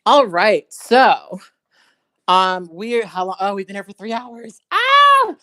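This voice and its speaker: A woman's voice: mid-range voice, big pitch swings, takes it slowly, pushed and bright, no room sound. A woman hosting a live call-in show, talking casually and reassuring her nervous callers. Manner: friendly and reassuring toward callers.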